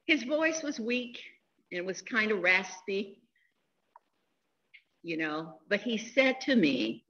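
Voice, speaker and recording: A woman in her sixties giving a funeral eulogy, telling stories in a slow, heartfelt way. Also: medium pitch, big pitch swings, pushed and bright, dull audio. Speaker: eulogy speaker.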